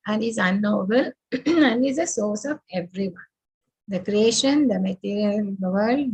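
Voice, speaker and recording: A woman teaching an online scripture class over a video call, unhurried and full of fillers as she walks through her slides. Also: fairly high pitch, husky, rough recording. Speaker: spiritual teacher.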